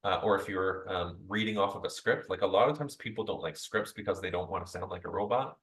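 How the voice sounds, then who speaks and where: A man giving a conversational sales training talk to a group, upbeat and chatty, tagging most points with a quick "right?". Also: low-pitched, fairly bright tone, rough recording. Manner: upbeat coaching tone, addresses group directly. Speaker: real estate sales trainer.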